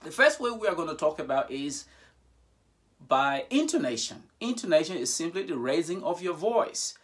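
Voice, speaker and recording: Male language teacher with a very lively, swooping voice; patient and repetitive with examples. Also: fairly high pitch, moderate pace. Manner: repeats each example aloud, speaking questions with a sharply rising voice. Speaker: French teacher. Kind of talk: bilingual grammar lesson.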